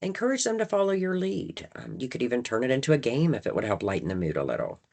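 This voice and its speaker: Woman, staff trainer, lively varied pitch, conversational, frequent check-ins. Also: fast, vocal fry. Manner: acts out phrases with shifting emphasis. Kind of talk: training presentation.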